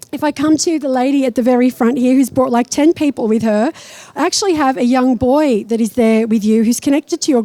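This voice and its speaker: A woman's voice: high-pitched, mellow, no room sound. A woman psychic medium giving a blunt, irreverent stage talk and live readings to an audience. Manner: blunt and irreverent, swears freely.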